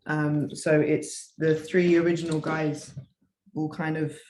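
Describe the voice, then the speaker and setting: A woman's voice: low voice, level tone, slow, darkish tone, roomy sound, a little hiss or hum. A cheerful British woman joining a podcast as a guest over a video call. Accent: British English. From Britain. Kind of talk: casual chat.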